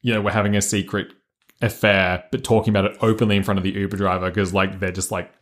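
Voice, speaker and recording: A man's voice: sits low, flat delivery, fast, fairly bright tone. A man co-hosting a podcast, casually retelling stories with many "um" and "like" fillers. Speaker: podcast co-host. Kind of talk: casual chat, storytelling.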